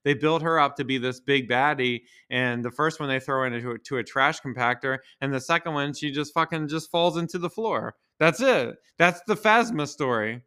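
A man's voice: mid-range voice, normal speed, few pauses, pushed and bright, clear, resonant tone. A man hosting a podcast, delivering a casual, exasperated rant full of swearing and rhetorical questions. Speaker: podcast host. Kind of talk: casual ranting monologue.

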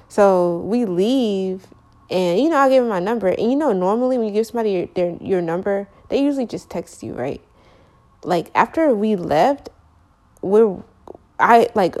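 Sleepy and yawning, a young woman rambles through a long personal story, full of fillers and slang and correcting herself along the way. Her voice is mid-range with a darkish tone.

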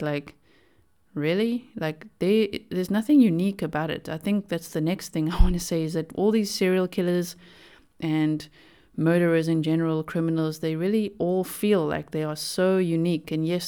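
Podcast host, young adult woman; warm, smooth, opinionated casual talk. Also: lowish voice. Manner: chatty, opinionated, many "like" fillers. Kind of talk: casual solo commentary.

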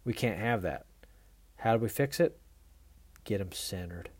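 A man's voice: lowish voice, lively intonation, a little slow, husky, no room sound. A man who hosts a mule training tips show, telling a folksy, self-mocking story with frequent laughter and then turning it into a riding lesson.

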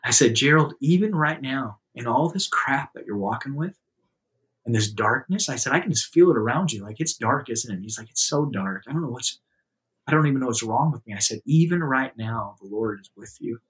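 A man telling a personal story in a relaxed, conversational way, acting out quotes and turning soft in serious moments. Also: brisk. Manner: lively anecdotal telling, acts out quotes in a raised voice; laughs easily, drops to a soft low voice in serious moments. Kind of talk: casual storytelling.

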